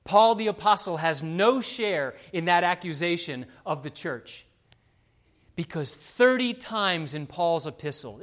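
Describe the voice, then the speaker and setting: A middle-aged male pastor with a high-pitched voice delivers a sermon. He talks with emphasis, rising loud on key words and dropping soft for asides, and he addresses his congregation directly. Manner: emphatic preaching, wide swings from loud to soft.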